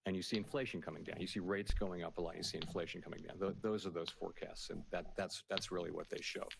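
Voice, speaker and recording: Low gravelly man answering press questions. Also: steady tone, background noise. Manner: halting, with many restarts and fillers. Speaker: central bank chair at a press conference. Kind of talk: formal press conference answers. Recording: archive press conference broadcast.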